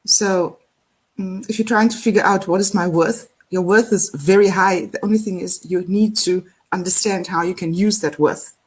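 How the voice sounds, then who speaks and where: A woman's voice: medium pitch, steady tone, normal speed, breathy edge. A middle-aged woman from South Africa with a South African accent, speaking reflectively as an interview guest, with many fillers and restarts. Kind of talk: casual interview conversation.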